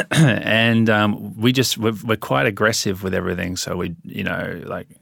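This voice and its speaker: An Australian man explaining things to an interviewer in a lively, demonstrative way, with drawn-out vowels. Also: on the low side, vocal fry, slightly rough, no room sound, studio quality. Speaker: interview guest. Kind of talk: conversational explanation.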